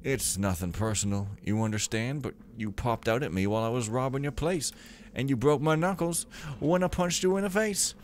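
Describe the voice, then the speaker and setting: A young man giving casual gameplay commentary, full of sarcastic, rambling, deadpan jokes. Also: mid-range voice, moderate pace, few pauses, a little hiss or hum. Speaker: let's play gamer.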